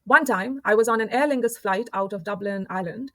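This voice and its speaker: A woman from India giving a calm, measured scripted narration for an explainer video. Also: medium pitch, no room sound.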